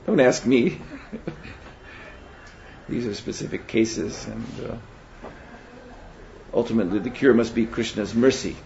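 A man teaching a spiritual seminar in a measured, reflective way, often pausing to hesitate. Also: fairly low pitch, gravelly, darkish tone. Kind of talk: spiritual lecture. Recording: dull lo-fi recording with faint hiss.

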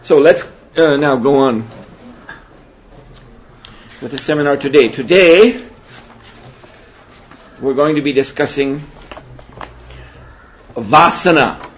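A man teaching a spiritual seminar in a measured, reflective way, often pausing to hesitate. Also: medium pitch. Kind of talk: spiritual lecture. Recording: dull lo-fi recording with faint hiss.

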